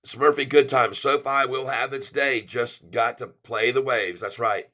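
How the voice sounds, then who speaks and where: A brash man talks stocks in a casual vlog, his voice bright and forceful. He speaks bluntly and with excitement. The sound is dull and lo-fi. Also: mid-range voice, measured pace. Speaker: stock channel host.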